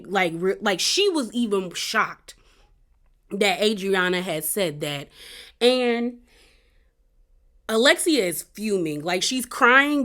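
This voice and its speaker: A woman's voice: medium pitch, a bit bright. A woman in a casual vlog, recapping a reality show episode in a chatty, conversational way. She leans on "like" and small asides. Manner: chatty, peppered with "like", acts out quotes.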